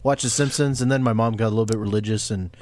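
A man co-hosting a casual podcast, teasing and cracking deadpan jokes. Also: lowish voice, fast talker, dry recording. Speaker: podcast co-host. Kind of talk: casual banter.

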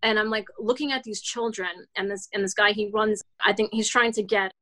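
A woman's voice: mid-range voice, steady tone, fairly quick, a bit bright, rough recording. A woman in her forties with a mid-range voice talks as a podcast guest. She tells her story in a casual, earnest and reflective way, circling back with frequent restarts and "like" fillers. She sounds like an ordinary person chatting rather than reading a script. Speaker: guest, children's author. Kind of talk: casual interview talk.

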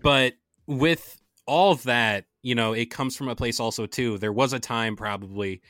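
Man, podcast co-host: reflective casual talker, crisp bright tone. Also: mid-range voice, normal speed, no echo, studio quality. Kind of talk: casual chat.

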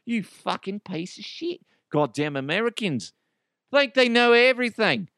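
A man voicing an angry man, ranting loudly. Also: big pitch swings, unhurried, no room sound, studio quality, heavily acted. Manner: loud, high, profane ranting. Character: angry Australian man mocking an American.

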